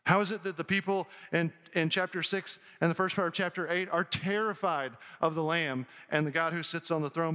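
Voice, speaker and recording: A man's voice: sits high, sharp tone. A man preaching an earnest sermon as a pastor, reading scripture and explaining it to his congregation. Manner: earnest, preaching with rising emphasis. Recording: long hall reverb.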